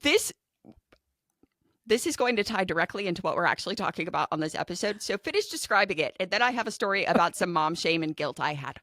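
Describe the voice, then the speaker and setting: A woman's voice: fairly low pitch, animated, fast, fairly bright tone, dry recording, clean studio sound. A woman co-hosting a podcast, chatting expressively and acting out quoted lines. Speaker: podcast co-host. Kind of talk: casual chat.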